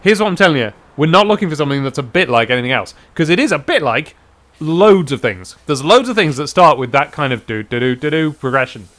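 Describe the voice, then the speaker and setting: Excitable chatty man gaming, lively pitch. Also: fast talker. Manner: chatty, hums and scats tunes, excitable outbursts. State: stuffy from hay fever. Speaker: streamer playing a game. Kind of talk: casual let's play commentary.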